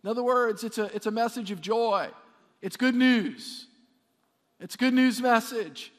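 A man preaching a sermon, lively and repetitive, calling on the congregation to answer back. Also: very high voice, brisk, big-room sound. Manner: animated, repeats words, calls on congregation to respond. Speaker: pastor.

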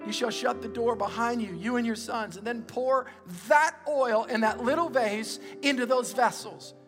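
A middle-aged male pastor giving an energetic, emphatic sermon and calling on the congregation to repeat after him. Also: very high-pitched, gravelly. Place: church auditorium. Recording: long reverb in a large hall, with music.

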